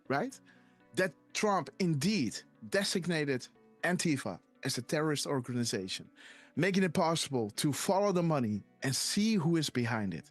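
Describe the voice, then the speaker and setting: A man hosting a live stream in a casual chatty way, often calling out to viewers. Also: a little high. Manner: chatty, repeats "guys" often. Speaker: livestream host. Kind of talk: casual livestream chat.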